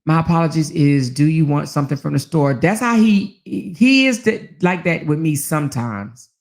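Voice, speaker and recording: A woman hosting a casual talk channel, telling stories to her viewers with animated delivery, frequent laughs and casual swearing, acting out the lines she quotes. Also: low-pitched, moderate pace. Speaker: host.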